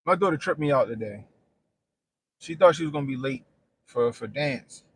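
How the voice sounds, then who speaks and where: A man's voice: mid-range voice, expressive, moderate pace, breathy edge, no echo. A middle-aged man chatting casually on a stream, telling blunt, profane stories and laughing often. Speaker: streamer and commentator. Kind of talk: casual profane livestream chat.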